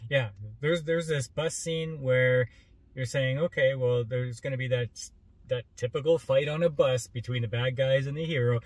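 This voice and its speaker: Man, co-host, casual review chat, halting, repeats words, dry sound. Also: mid-range voice, steady tone, dry recording.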